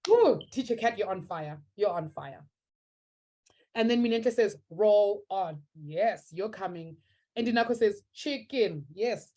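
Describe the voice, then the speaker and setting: A woman's voice: mid-range voice, darkish tone. A young woman teaching a live online maths class, upbeat and encouraging as she reads out students' answers from the chat.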